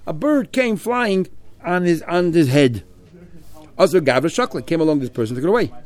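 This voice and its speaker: A man teaching a Talmud class, quickly translating Aramaic phrase by phrase. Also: on the high side, expressive, a little mellow.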